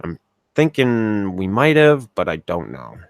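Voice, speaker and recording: A man's voice: lowish voice, sing-song, a little slow, no echo, studio quality. A man co-hosting a casual podcast chat, rambling with frequent restarts and plenty of swearing. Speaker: podcast co-host.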